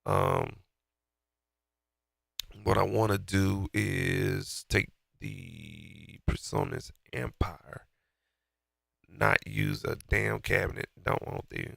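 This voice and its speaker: A very low, heavily gravelly man with a bright, forceful edge talks loosely and in slang through a mixing session, his nose stuffy from a cold. The sound is dry and close, with faint music underneath. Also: steady tone, slow, no echo. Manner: loose and slangy, talking to himself while working. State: stuffy-nosed from being sick. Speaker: beat maker walking through a mix. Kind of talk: casual mixing tutorial.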